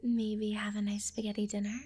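A young woman in a whispered role-play, speaking in an intimate, teasing, affectionate breathy whisper. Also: mid-range voice, monotone, brisk, warm tone. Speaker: audio role-play performer.

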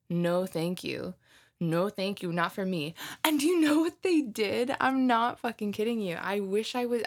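A twenty-year-old woman chatting casually to her listeners, telling a story in an animated way and swearing freely. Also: mid-range voice. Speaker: audio creator chatting with listeners. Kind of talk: casual rambling chat.

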